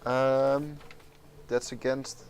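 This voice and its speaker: A man's voice: mid-range voice, flat delivery, drawn-out words, crowd noise. A man playing a tabletop game, declaring his moves with lots of hesitant ums. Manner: hesitant, many ums and uhs. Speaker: player. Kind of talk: casual tabletop game play.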